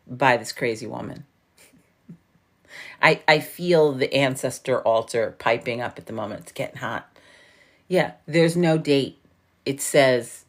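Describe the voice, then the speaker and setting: A woman in her forties with a New York accent hosts a relaxed morning livestream from home, her voice sitting low for a woman. She talks straight into a phone or webcam, chatty and loose, swearing freely and throwing herself into animated storytelling. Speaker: livestream host. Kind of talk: casual morning livestream chat.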